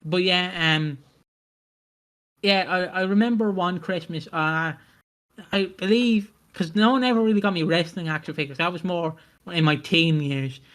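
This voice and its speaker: A young man co-hosting a podcast in casual chat, swearing freely and making dark jokes. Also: high-pitched, moderate pace. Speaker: podcast co-host.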